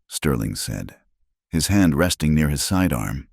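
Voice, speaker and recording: A man narrating a western story in a dramatic, measured scripted reading. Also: a bass voice, expressive, vocal fry, a little mellow, dry recording, studio quality.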